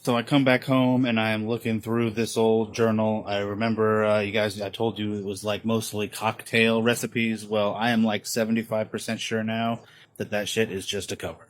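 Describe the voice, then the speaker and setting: A man's voice: on the low side, little pitch movement, moderate pace, low-quality recording. A man in his thirties talking casually to camera in a home video diary, rambling with many fillers and restarts. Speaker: vlogger documenting his inherited house.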